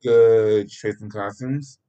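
A man's voice: lowish voice, fairly even intonation, takes it slowly, mellow, lo-fi sound. A man voicing a tired, guilty divorced father in a read-aloud story, speaking awkwardly and with hesitation.

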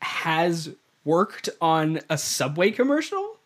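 A man's voice: a little high, huge pitch swings, slow pace, fairly bright tone. A man co-hosting a casual movie review podcast, talking things through with repeated words and chuckles. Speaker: podcast co-host.

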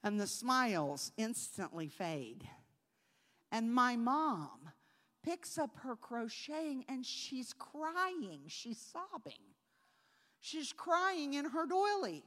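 A woman preacher telling a childhood story in a sermon, moving between soft storytelling and loud preaching. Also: a little high, very animated, slow, in a large hall.

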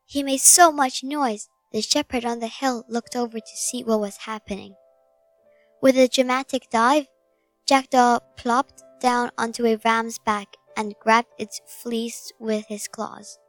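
A woman narrating a children's fable slowly and gently, recorded close on a dry mic. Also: fairly high pitch, fairly even intonation, no echo, faint music behind. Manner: slow, gentle storybook reading. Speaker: storyteller.

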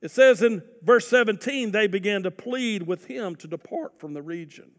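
A man preaching a sermon, his voice rising loud for emphasis and sinking to soft, earnest appeals. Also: high-pitched, lively intonation, normal speed. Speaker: pastor. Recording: long hall reverb.

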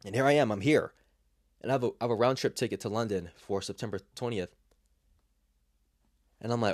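Close to tears, a young LA-area man reflects casually on a personal story, with many fillers and restarts and frequent dips into a soft near-whisper. His fairly low voice moves a little fast between long pauses, in a dry recording.

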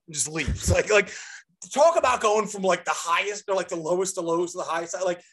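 A young man co-hosting a podcast, telling stories in a rambling, animated way with lots of fillers and restarts. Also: high-pitched, quick pace. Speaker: podcast co-host. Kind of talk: casual storytelling chat.

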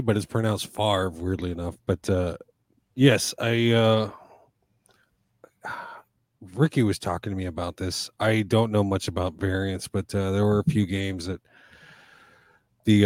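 A man's voice: on the low side, fairly even intonation, moderate pace, a little mellow, dry recording, studio quality. A man co-hosting a casual podcast chat, rambling and swearing freely, with lots of restarts. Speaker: podcast co-host.

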